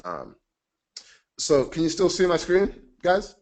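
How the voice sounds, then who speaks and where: A man's voice: a little high, wildly swooping pitch, slow pace, darkish tone. A man presenting a casual teaching webinar, chatty and emphatic, joking about himself.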